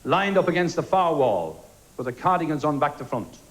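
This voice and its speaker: A man with an Irish accent doing a stand-up comedy routine, deadpan, with quick quoted exchanges. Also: on the high side. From Ireland. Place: television studio stage before a live audience. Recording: loud audience laughter and noise. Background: audience laughing.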